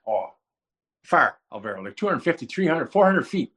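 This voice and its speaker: A man recounts a personal story in a lively, plain-spoken way, his pitch leaping from low murmurs to high, strained cries as he acts out his own prayers. His voice sits in a middle register with a lot of movement. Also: fairly quick. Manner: animated, swings from low murmurs to high excited outbursts. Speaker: guest telling a testimony. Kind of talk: emotional storytelling.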